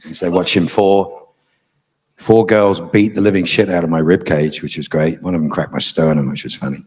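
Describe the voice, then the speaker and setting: A man's voice: low-pitched, steady tone, moderate pace, darkish tone, slightly rough. A middle-aged man, a guest on a convention panel, telling a story to a live audience in a frank, profane, dryly humorous way.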